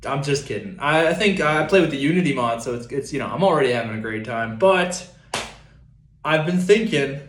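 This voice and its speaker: Young man, YouTuber, playful mock-demanding rant, slightly high voice, echoey room. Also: lively intonation, brisk, a bit bright. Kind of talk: casual comedic rant to camera.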